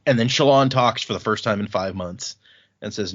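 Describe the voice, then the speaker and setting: A man co-hosting a podcast, casually recapping book chapters and paraphrasing the characters' lines in an animated way. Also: mid-range voice, normal speed, husky, highs cut off. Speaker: podcast co-host.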